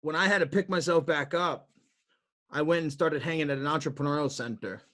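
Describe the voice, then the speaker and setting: Interviewed as an entrepreneur, this man has a slightly high voice and speaks fairly quickly. His storytelling is animated and motivational, rising to emphatic peaks, with frequent restarts and repeated words.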